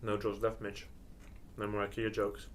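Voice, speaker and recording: A man's voice: on the low side, normal speed, a little hiss or hum. A man joking and telling stories in football panel banter. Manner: animated storytelling, teasing. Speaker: panel regular.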